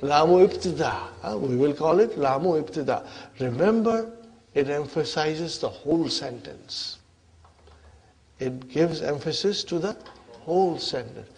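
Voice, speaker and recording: A man's voice: on the high side, lively intonation, slow pace, long pauses. A man teaching an Arabic grammar lesson, switching between English and Arabic and often asking his class if they follow. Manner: questioning, checks understanding often.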